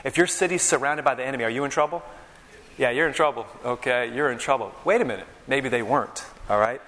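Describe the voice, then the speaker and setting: A man preaches a sermon in a large hall with long reverb, speaking fast in a medium-pitched, fairly bright voice. He tells vivid stories and checks in with the crowd, asking "okay?" and "all right?"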